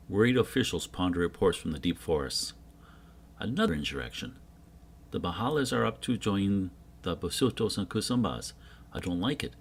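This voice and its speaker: A man reading a jungle adventure comic aloud, voicing every character himself and getting loud on the shouted lines. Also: sits low, breathy edge. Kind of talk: dramatic comic book reading.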